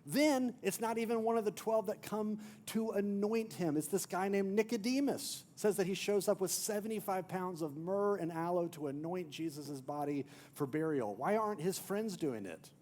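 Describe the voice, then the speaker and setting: A man pastor preaching a sermon as an emphatic storyteller, swinging from loud to near-hushed. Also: high voice, moderate pace, hardly any pauses, slight background noise. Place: church.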